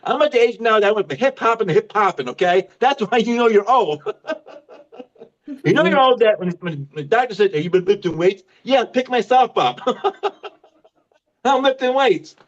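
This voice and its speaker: Stand-up comic, man in his fifties, high voice, laughs at his own punchlines, dull lo-fi sound. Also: lively intonation, moderate pace, pauses often. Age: 50s. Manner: self-mocking, laughs at his own jokes. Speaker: stand-up comedian. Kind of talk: stand-up comedy set.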